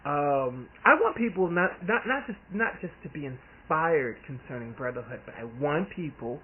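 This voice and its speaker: Man, earnest rambling author chat, fairly high voice, tinny phone-like sound. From US Deep South. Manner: earnest, rambling, with restarts and chuckles. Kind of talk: casual vlog talk. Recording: tinny phone-like audio with faint hiss.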